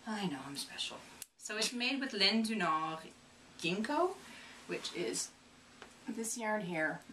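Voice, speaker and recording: A woman still recovering from a cold co-hosts an easygoing knitting podcast, chatting away and poking fun at herself. She speaks slowly and expressively at a mid-range pitch, with a pushed, bright tone. The recording has a distant mic and faint room noise.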